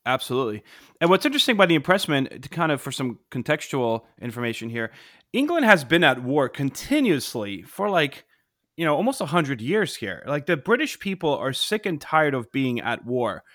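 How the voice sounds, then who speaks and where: Animated man telling history. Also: medium pitch, moderate pace, no echo, clean studio sound. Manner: animated storytelling with many asides. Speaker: history podcast co-host. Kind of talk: casual explanatory chat.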